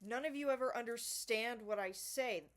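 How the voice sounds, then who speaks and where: A woman ranting to camera in a profane, sarcastic monologue, swinging between loud theatrical outbursts and low mutters. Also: moderate pace. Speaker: vlogger.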